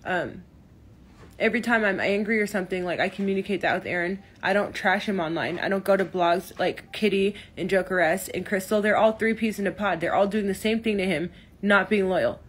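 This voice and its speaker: A woman's voice: mid-range voice, fairly quick, breathy edge. A woman in her thirties venting on a phone livestream, emotional, hurt and defensive, with many restarts. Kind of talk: upset livestream rant. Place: in her car.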